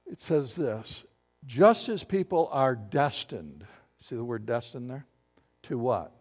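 A man preaching a sermon as pastor, animated and joking with his congregation. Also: medium pitch, takes it slowly, breathy edge. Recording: long hall reverb.

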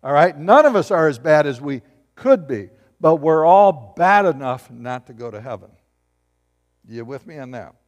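Here a middle-aged male pastor gives a sermon full of storytelling flair, his voice a touch high for a man and his pace moderate. Animated throughout, he alternates booming emphasis with hushed asides. The sound is lo-fi, and the hall's long reverb follows each phrase.

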